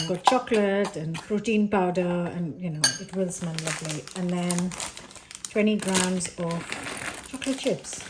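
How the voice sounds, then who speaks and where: A woman's voice: fairly low pitch, very noisy. A middle-aged woman chatting frankly as she cooks on a home cooking vlog. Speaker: cooking vlogger. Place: home kitchen. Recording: roomy kitchen echo.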